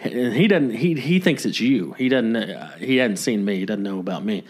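Animated male podcast storyteller. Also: on the low side, normal speed, slightly rough. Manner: animated storyteller who acts out quotes. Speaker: podcast co-host. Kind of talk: casual storytelling chat.

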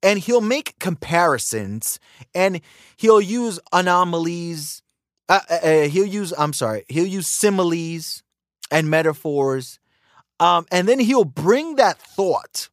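Animated man ranting on a podcast. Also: a little high, slow, dry recording, clean studio sound. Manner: animated, repeats "right?" and acts out quoted lines. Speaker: podcast host. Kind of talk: opinionated casual monologue.

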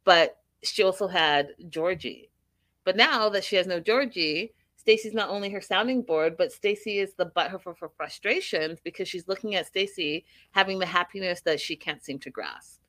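A woman's voice: fairly low pitch, normal speed, a bit bright, dry recording. A woman casually recapping a reality show, opinionated and full of rhetorical questions.

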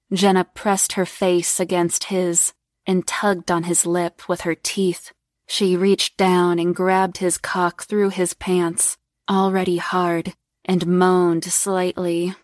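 A woman reading an adult story aloud in an even, measured storytelling manner. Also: lowish voice, no echo, studio quality. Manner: slow, even storytelling read. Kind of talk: scripted adult story narration.

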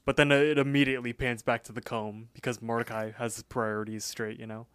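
A man's voice: medium pitch, level tone, a little fast, fairly bright tone, clean tone. A young man co-hosting a podcast, casually retelling a cartoon episode with lots of "like" and acted-out quotes. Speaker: podcast co-host. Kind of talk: casual chat, episode recap.

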